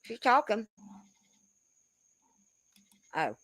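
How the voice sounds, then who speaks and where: A woman's voice: on the high side, big pitch swings, drawn-out words, no room sound. A woman chatting casually on a livestream, talkative and swearing offhandedly.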